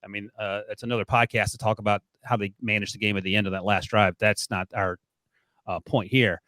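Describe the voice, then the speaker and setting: A man's voice: on the low side, steady tone, fairly quick, pushed and bright, no room sound. A man hosting a sports podcast in a casual, playfully teasing way. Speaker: podcast host.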